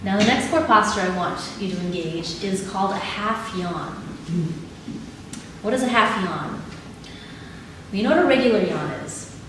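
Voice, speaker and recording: A woman leading a live audience through body exercises in a calm, instructive way, laughing easily. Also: medium pitch, moderate pace, pauses often. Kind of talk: live talk with guided exercises. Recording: echoey hall, mic at a distance, audible background noise.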